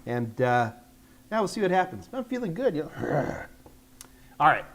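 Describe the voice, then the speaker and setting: This older man from the United States speaks in a fairly high, very animated voice at a measured pace. He's hosting a live tech Q&A as a casual livestream chat, rambling in a chatty, self-deprecating way.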